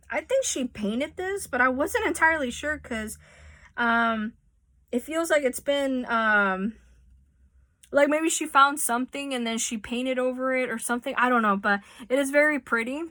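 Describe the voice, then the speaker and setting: Showing off her gifts in a home vlog, a woman chats casually, full of fillers and restarts, in a show-and-tell manner. Captured dry on a phone in a room at home, her voice is a little high, pushed and bright.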